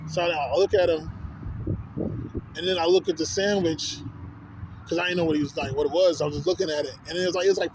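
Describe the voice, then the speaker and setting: A man's voice: on the high side, noisy background. A man from Texas ranting casually and profanely to the camera, full of slang fillers. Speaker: vlogger.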